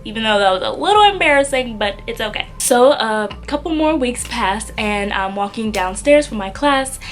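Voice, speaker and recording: A young woman telling a story in a casual vlog, chatty and animated. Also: a little high, moderate pace. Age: young adult. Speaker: vlogger.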